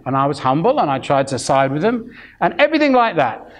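Lively-voiced man in his fifties preaching. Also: sits high, fast talker. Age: 50s. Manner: storytelling, acting out quoted voices; chatty, full of restarts. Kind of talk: sermon.

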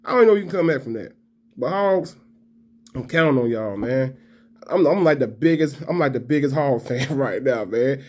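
A man's voice: mid-range voice, lively intonation, normal speed, a little mellow. A man giving a fired-up, profane fan rant to camera. He trash-talks and repeats himself. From Alabama fan. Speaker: college football vlogger.

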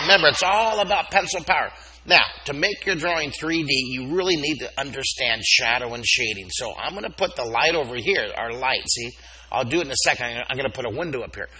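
A man leading a live drawing lesson at a school assembly, animated and playful, coaxing the children to repeat words after him. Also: mid-range voice, noisy background. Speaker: drawing teacher.

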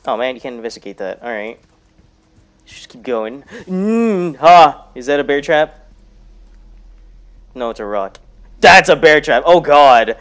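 A man casually commenting while playing a horror game, muttering low to himself, cursing often, and breaking into loud startled shouts. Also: lively intonation, measured pace, long pauses. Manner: profane, jokey self-talk to the game. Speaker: gaming YouTuber. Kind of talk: casual let's-play commentary.

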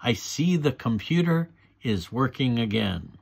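A man's voice: mid-range voice, sing-song, unhurried, gravelly, husky, heavily acted. A man voicing a firm, patient mother pig in a read-aloud storybook.

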